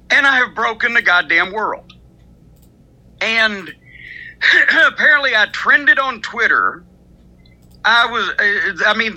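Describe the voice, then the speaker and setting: A man's voice: high voice, bright, forceful tone, rough recording. An older man, a podcast host, telling a long profane story in casual chat and mocking other people's lines in quoted voices.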